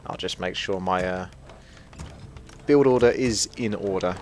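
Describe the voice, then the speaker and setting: A man's voice: deep voice, a little slow, pauses often, a little hiss or hum. A young man with a mixed British accent giving playful, self-mocking, chatty commentary over a strategy game. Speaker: gaming commentator. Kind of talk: casual gameplay commentary.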